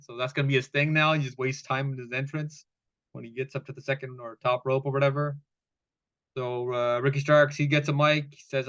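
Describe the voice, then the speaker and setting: A man's voice: mid-range voice, little pitch movement, fairly quick, a bit bright, dull audio. Profane, rambling male wrestling reviewer. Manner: loose, rambling, profane, with laughs. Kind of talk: casual recap commentary.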